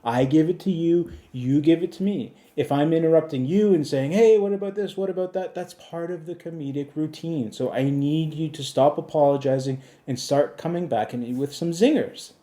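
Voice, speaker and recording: A man's voice: a little high, moderate pace, few pauses, warm tone. A man hosting a comedy podcast, chatting with a voice assistant in a dry, insistent, lecturing way. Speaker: podcast host.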